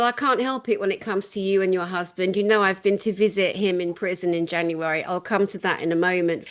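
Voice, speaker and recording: A woman hosting an interview, speaking earnestly and emphatically, slowing down to stress her points. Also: mid-range voice, steady tone. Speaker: interview host. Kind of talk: emotional advocacy interview.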